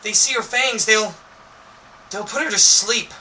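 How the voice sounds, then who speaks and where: A man voicing a frightened kid protagonist who talks in a shrill, pleading, frantic way. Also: measured pace, bright, forceful tone, exaggerated voice. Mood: panicked. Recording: distant mic with faint noise.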